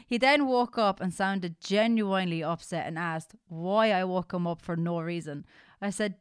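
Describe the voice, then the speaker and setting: A woman's voice: fairly low pitch, a little slow, clear, resonant tone, dry recording, clean studio sound. A woman co-hosting a casual podcast, giggling as she reads funny listener stories aloud. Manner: giggly, animated storyteller. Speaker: podcast co-host.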